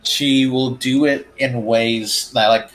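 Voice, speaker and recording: A man's voice: mid-range voice, fairly even intonation, fairly bright tone, faint music behind, low-quality recording. A man adding crude, swearing commentary while a friend reads a story. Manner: profane, quick blunt jokes. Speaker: co-host.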